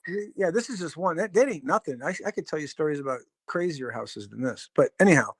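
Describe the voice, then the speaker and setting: Middle-aged male drummer guest, a bit high-voiced, loose rambling anecdotes, dry close sound. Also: expressive, fast, breathy edge, no room sound. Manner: rambling, full of fillers and swearing. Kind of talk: casual storytelling.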